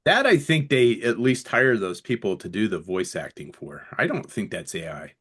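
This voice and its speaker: A man's voice: fairly low pitch, big pitch swings, moderate pace, fairly bright tone, slightly rough. Middle-aged male co-host, loose rambling chat, casual swearing. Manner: rambling, swears casually, jokes with put-on voices. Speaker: podcast co-host.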